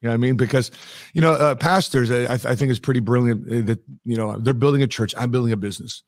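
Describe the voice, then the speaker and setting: A middle-aged man talks as an interview guest at an ordinary pitch and tells his stories with energy, playing out every bit of dialogue. The sound is dry and close, with no room around it. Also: quick pace, no room sound. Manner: animated storyteller who acts out quoted dialogue. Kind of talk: conversational interview storytelling.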